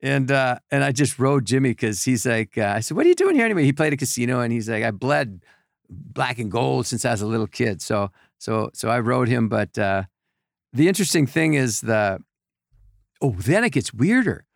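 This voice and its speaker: An older man with a gravelly voice, telling rambling anecdotes as a podcast guest in casual chat. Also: mid-range voice, moderate pace, dry recording, studio quality. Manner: rambling anecdotes with repeated restarts. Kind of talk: casual storytelling.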